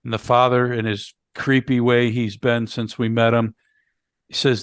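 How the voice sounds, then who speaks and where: In an easygoing movie-review conversation, a man sharing podcast hosting duties narrates the plot step by step, with lots of fillers and restarts. His voice is medium in pitch, barely moving, unhurried, clear and resonant, on a clean studio recording without room sound.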